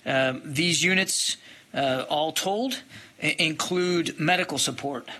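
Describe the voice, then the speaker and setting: Measured male spokesman, bright tone. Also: fairly high pitch. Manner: measured, halting, with fillers. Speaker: government spokesman. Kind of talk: press briefing.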